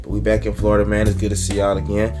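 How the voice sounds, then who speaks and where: A man's voice: lowish voice, very fast, music in the background. Blunt slangy man reacting to a clip. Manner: blunt, animated, heavy slang. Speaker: reaction video host. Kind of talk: casual reaction commentary.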